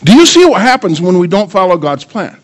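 A man's voice: sits high, brisk. An older man preaching a sermon, firing rhetorical questions at the congregation and joking with his grandchildren. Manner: animated, asks the audience many questions. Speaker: pastor.

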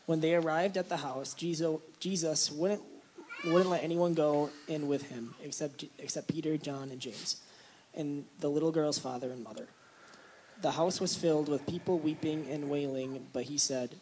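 A man reading a scripture passage aloud in a steady, plain manner, now and then restarting a phrase. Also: on the high side, normal speed, a little hiss or hum, poor audio.

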